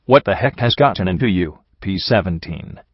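A jaded mare security guard, read by a man, talks in a bored, blunt way and swears often. The voice stays low. It is a dry, slightly dull recording. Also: expressive, normal speed, husky, no room sound.

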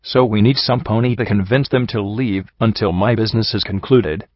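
A man reading the lines of a calm, dignified aristocratic unicorn prince in a storybook. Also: fairly low pitch, moderate pace, dry recording, muffled recording, close to an everyday voice.

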